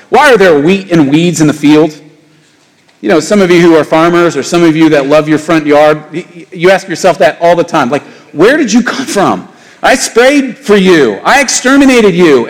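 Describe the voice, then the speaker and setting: A man preaching a sermon as pastor, animated, his voice rising on emphatic questions and dropping low on solemn points. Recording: reverberant hall.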